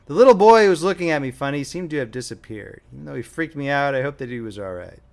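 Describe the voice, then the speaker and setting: A man's voice: on the high side, lively intonation, fast talker, gravelly, a little mellow. A young man reading his own audiobook as author and narrator, with a wry, self-deprecating manner. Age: young adult.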